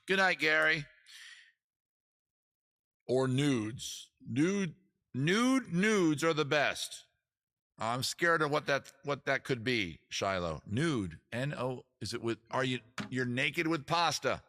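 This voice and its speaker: A man's voice: mid-range voice, lively intonation, slow, sharp tone. A man hosting a live stream, chatting casually and playfully with viewers, reading out their names and cracking crude jokes. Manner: playful, jokey, cheerfully crude; reads out and answers chat names.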